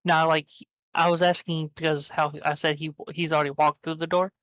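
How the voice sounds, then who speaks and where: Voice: mid-range voice, flat delivery, brisk, a bit bright, dry recording. Chatty player at a tabletop game. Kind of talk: casual tabletop game chat.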